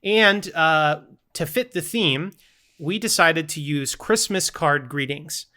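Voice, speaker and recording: A man co-hosts a relaxed podcast, reading out multiple-choice quiz options with a playful touch. His voice is bright and a little higher than most men's, with a forward, lively ring. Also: slow pace. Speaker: podcast co-host running the game segments. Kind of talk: casual game-show podcast chat.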